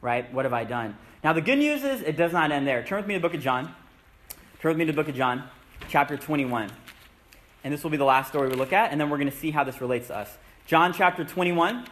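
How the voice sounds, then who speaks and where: A man's voice: on the high side, fairly bright tone. A man giving a sermon, reading scripture aloud and explaining it in a conversational teaching manner. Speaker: preacher. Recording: echoey room.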